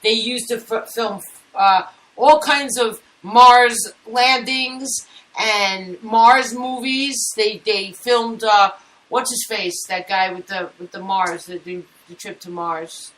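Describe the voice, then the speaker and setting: A woman's voice: medium pitch, takes it slowly, fairly bright tone, recorded from a distance, poor audio. A woman co-hosting a casual comedic talk show, offhand and playful. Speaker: co-host.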